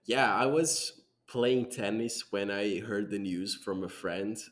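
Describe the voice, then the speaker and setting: A man hosting a casual podcast chat, talking with frequent pauses and filler words. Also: on the low side. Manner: hesitant, many "um"s and restarts. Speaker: podcast host.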